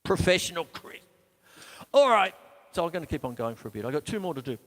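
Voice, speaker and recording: A man's voice: on the high side, big pitch swings, fast, in a large hall. A man hosting a live drum lesson, chatty and self-mocking, counting beats aloud between explanations. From Australia. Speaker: drum teacher and show host. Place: home studio with drum kit.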